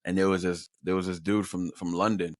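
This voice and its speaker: Speaking briskly and flatly in a low register, this Long Island, New York man is recorded in a clean studio with no echo. As a guest chatting casually, he spins rambling stories and tends to repeat himself as he goes.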